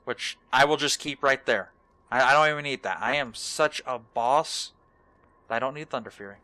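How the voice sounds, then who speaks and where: A young man hosting a relaxed let's play, talking in a laid-back, rambling and self-mocking way. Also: medium pitch, normal speed, no echo. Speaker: gaming channel host.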